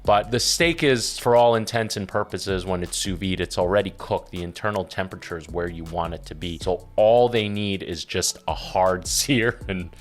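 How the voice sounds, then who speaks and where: A man, a chef, giving casual commentary over a cooking clip, chatty and quick to exclaim and laugh. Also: sits low. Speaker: chef reacting to a video.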